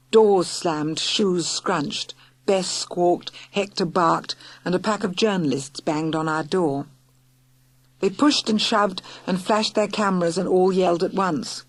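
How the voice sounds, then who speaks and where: A woman narrating a children's audiobook in a lively, clear storytelling manner. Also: lowish voice, no echo. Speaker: audiobook reader.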